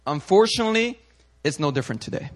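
A male pastor giving a sermon in an animated, conversational way, full of slang and asides to the congregation. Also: a little high, quick pace.

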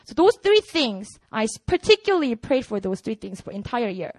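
A young woman with a Korean accent shares her testimony with a church, animated and chatty, leaning on "you know" as she goes. Her voice sits high, and the recording is dry and close with no room sound. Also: moderate pace, few pauses, no echo, low-quality recording. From South Korea. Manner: animated storytelling, frequent "you know" fillers. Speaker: ministry worker giving a testimony.

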